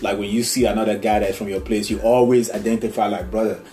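A man from Nigeria with a Nigerian accent, telling stories in a rambling, animated casual chat and laughing often. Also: fairly low pitch, quick pace. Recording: echoey room, faint music.

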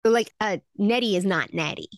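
A woman's voice: mid-range voice, lively intonation, brisk, no room sound, studio quality. A woman co-hosting a podcast in casual chat, curious and musing aloud with questions. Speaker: podcast co-host.

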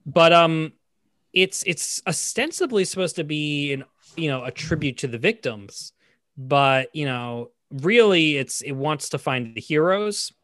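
A man co-hosting a film discussion podcast, talking casually with many fillers and restarts, getting animated as he criticizes. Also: on the high side, a little slow, dry recording, clean studio sound. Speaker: podcast co-host. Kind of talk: casual film review chat.

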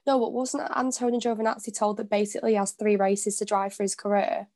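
A woman in a casual chat, matter-of-fact, chiming in with quick interjections. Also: medium pitch, steady tone, dark tone.

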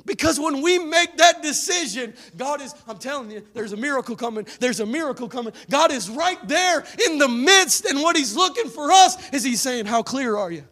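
A pastor with an unusually high voice for a man, preaching a sermon. He exhorts his listeners emphatically and breaks into dramatic, fervent bursts. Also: animated, moderate pace, few pauses, pushed and bright.

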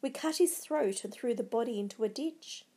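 A woman's voice: on the high side, lively intonation, normal speed, warm tone, breathy edge. A woman doing a nervous hired murderer. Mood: reporting. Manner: uneasy, deferential.

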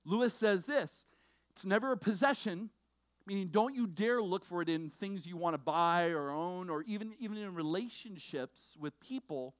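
Animated preaching man, dry close sound. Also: normal speed, dry recording. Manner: animated preaching, swinging between loud bursts and low intense passages. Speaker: pastor. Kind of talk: sermon. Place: church sanctuary.

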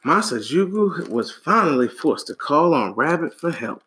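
A man reading a folktale aloud to a child, animated and relaxed, with casual asides. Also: fairly high pitch, moderate pace. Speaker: storyteller.

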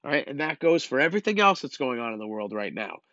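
A man's voice: medium pitch, sing-song, quick pace, bright, forceful tone, no room sound, highs cut off. Blunt, exasperated ranting man. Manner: blunt, exasperated, lecturing with repeated "okay?". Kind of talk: opinion rant.

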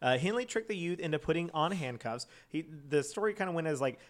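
A man's voice: on the high side, animated, fast. Man rambling through a crime story. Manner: rambling, many fillers, laughs often. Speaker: podcast co-host telling a true crime story. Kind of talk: casual storytelling chat.

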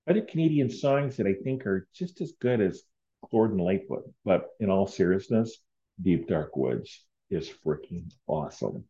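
A man's voice: low-pitched, lively intonation, moderate pace, dark tone, muffled recording. A man hosting a casual solo podcast, rambling and heartfelt with many fillers. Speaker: podcast host.

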